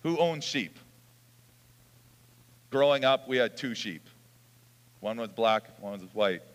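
A man giving a sermon, reading scripture and then retelling it in a relaxed, chatty way with chuckles and restarts. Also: mid-range voice, slow pace. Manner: casual storytelling with chuckles and restarts. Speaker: pastor. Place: church hall. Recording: long hall reverb.

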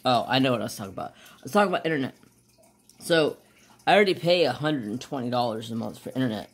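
A man's voice: mid-range voice, expressive, fast, husky. A man hosting a crafting channel, chatting casually while he works and often losing his train of thought.

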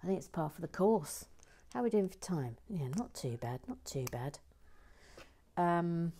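A woman with a deep, animated voice hosts a live stream while building a toy set, chatting casually at normal speed. She reads out viewer comments and fondly repeats words to herself. Soft-spoken, she often drops to a murmur or near whisper, then perks up again.

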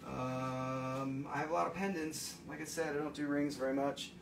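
A man's voice: medium pitch, steady tone, moderate pace, gravelly, background noise. A man chatting casually on a home livestream while selling gems, rambling, swearing and laughing easily. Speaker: livestream gem seller. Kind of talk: casual live-selling chat.

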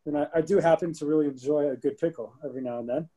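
A man in his thirties co-hosting a podcast, telling an animated story in a casual chat. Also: on the high side, racing, poor audio. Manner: animated storyteller, bursts into rapping. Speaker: podcast co-host.

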